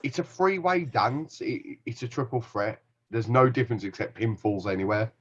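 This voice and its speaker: A man's voice: medium pitch, moderate pace, breathy edge, muffled recording. A man co-hosting a podcast, telling stories animatedly and swearing freely. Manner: animated, sweary, laughing storyteller. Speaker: podcast co-host. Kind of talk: casual chat.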